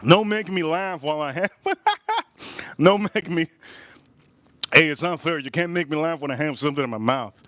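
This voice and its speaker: A man's voice: fairly high pitch, fairly quick, pushed and bright, no room sound. A middle-aged man hosting a casual livestream, chatting and acting out both sides of his stories. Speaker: livestream host. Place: outdoors at a backyard grill.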